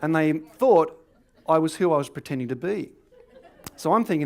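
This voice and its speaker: A middle-aged Australian man, a stand-up comedian, telling a true funny story in a lively, animated way. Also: fairly high pitch, moderate pace. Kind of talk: comic storytelling.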